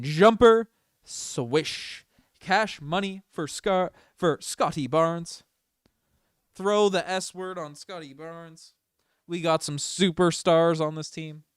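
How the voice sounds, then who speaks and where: A man giving casual, partisan play-by-play on a fan livestream, moving from low mutters to loud excited shouts. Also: clean tone, no echo, clean studio sound. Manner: excitable, swings from mumbling to shouting. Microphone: desk microphone.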